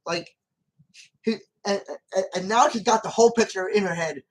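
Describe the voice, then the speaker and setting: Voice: mid-range voice, moderate pace, low-quality recording. A channel host giving casual commentary on a film, rambling and repeating points with many restarts and arguing emphatically with the character.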